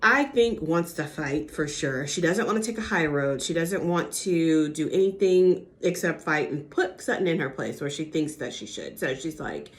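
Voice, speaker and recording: A young woman with a low-set voice runs through a reality TV recap in chatty gossip mode. Her pitch leaps around expressively as she acts out each cast member's lines. The delivery is casual and animated. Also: normal speed, few pauses. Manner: animated, acts out quotes with impressions.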